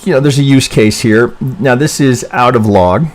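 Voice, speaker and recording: A man's voice: mid-range voice, normal speed. A man reviewing trading charts on a casual live stream, rambling and self-interrupting, tagging "right?" onto his points, a little congested from allergies. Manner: rambling, self-interrupting, frequent "right?" tags and mild swearing.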